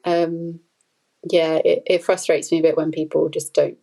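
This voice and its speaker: Here a woman's low, gravelly, dark voice holds a level tone at a moderate pace, captured on a low-quality recording. As a food photographer on a podcast, she chats loosely in a conversational interview, rambling with many fillers and bits of laughter.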